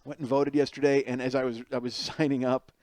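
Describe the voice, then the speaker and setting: A middle-aged man hosting a podcast, telling a comedic story in an animated way, swearing freely and laughing through the punchlines. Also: mid-range voice, fast talker, no echo. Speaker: podcast host.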